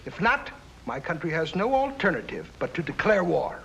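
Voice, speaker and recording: A scheming foreign diplomat with a high, sneering voice that rises and falls sharply. He accuses and taunts in a measured, theatrical way. It sounds like a 1950s TV drama soundtrack with a faint hiss. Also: very animated, creaky, fairly bright tone, highs cut off, exaggerated voice. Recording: faintly noisy old TV soundtrack.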